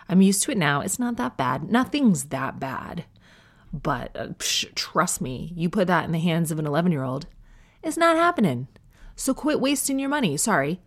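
A woman with a Canadian accent hosting a podcast, talking through a casual solo monologue in a chatty, wry way that wanders off on tangents. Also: lowish voice. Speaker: podcast host.

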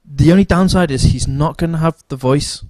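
A man's voice: on the high side, normal speed, a little mellow, no room sound. A man co-hosting a casual podcast, enthusiastic, swearing freely and repeating words. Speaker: podcast co-host. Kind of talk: casual chat.

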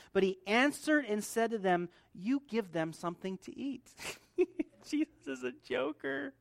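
A man preaching a sermon in a relaxed, conversational manner. He drops to quiet asides, then builds to loud, emphatic repeated points. The sound is close and dry, with no room around it. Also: high voice, vocal fry, no room sound. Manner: conversational, swings between soft asides and loud emphatic build-ups, laughs often. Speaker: pastor.

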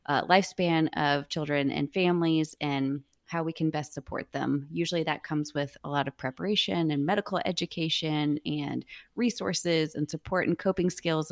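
Woman, low husky allergy voice, upbeat explainer, dry close sound. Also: dry recording. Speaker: podcast guest, child life specialist. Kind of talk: casual podcast chat.

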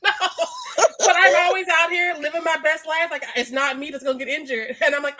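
Woman, high voice, bright tone, playful casual chat. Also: steady tone, a little fast. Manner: playful, laughs often, dramatic retellings. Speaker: podcast co-host.

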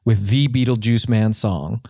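A man improvising a comedy scene as an earnest songwriting teacher, rambling through ideas, his pitch jumping up when he gets excited. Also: measured pace, slightly rough, no echo, studio quality. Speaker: comedy podcast host playing a songwriting teacher.

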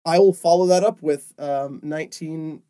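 A man's voice: fairly high pitch, fairly even intonation, normal speed, mellow, clear, resonant tone. A young man co-hosting a casual chat podcast, talking in a wry, dry, sarcastic way. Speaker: podcast co-host.

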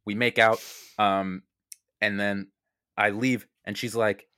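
A man rambling through an improvised, absurd comedy story in a deadpan way, as co-host. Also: fairly low pitch, slow, clean tone, no echo, clean studio sound.

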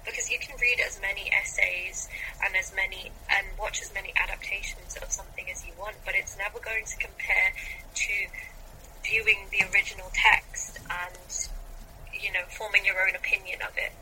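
Guest lady on a book podcast, super bright tense voice, faint hiss behind. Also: medium pitch, fairly even intonation, moderate pace, rough recording. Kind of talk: casual book discussion.

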